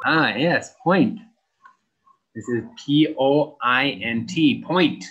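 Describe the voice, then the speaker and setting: A man teaching English to young pupils, spelling out words letter by letter and repeating each word clearly for practice. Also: mid-range voice, takes it slowly, fairly bright tone, highs cut off. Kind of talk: slow, clear classroom instruction.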